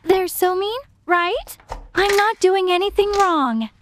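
A very high, squeaky voice for a gushing, attention-seeking young woman, played by a woman. She sounds fake-innocent and dramatic, in a storytime cartoon. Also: animated, slow pace, noisy background, full character voice.

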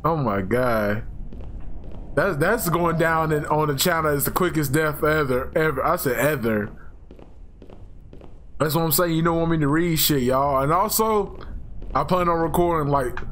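A young man with a hoarse, worn-out voice playing a horror game, loud and excitable, swearing and screaming at jump scares. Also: a little high, normal speed, a little hiss or hum. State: hoarse, losing his voice. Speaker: gaming YouTuber. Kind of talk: horror game let's play commentary.

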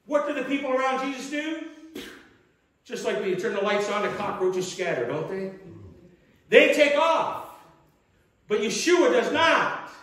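A man's voice: very high-pitched, a bit bright. A male pastor preaching a sermon, retelling a scripture story in a dramatic storytelling manner. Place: church sanctuary. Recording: echoey church hall.

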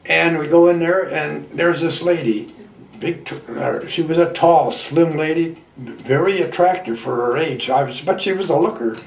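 A man in his nineties from Michigan, a veteran telling his war memories in a halting, folksy way with plain colloquial grammar. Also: on the high side, vocal fry, roomy sound, distant mic. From Michigan, United States. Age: 90s. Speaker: veteran interviewee. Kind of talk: oral history reminiscence.

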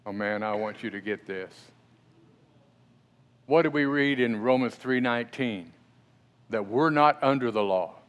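A man's voice: mid-range voice, fairly bright tone, clear, resonant tone. A middle-aged male pastor preaching a sermon in a church, talking conversationally and often asking the congregation questions. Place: church sanctuary.

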